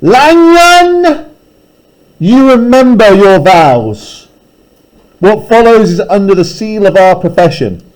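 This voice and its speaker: A man voicing a proud, scornful male visitor from a storybook reading, speaking in a grand, commanding way with a lively pitch. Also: takes it slowly, exaggerated voice, poor audio.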